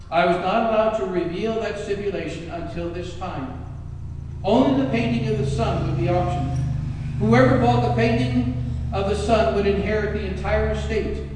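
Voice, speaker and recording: A man's voice: high-pitched, darkish tone, slight background noise, close to an everyday voice. A man doing a persistent auctioneer calling out bids in a raised, announcing voice. The sound is distant and echoes through a large hall. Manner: announcing, insistent.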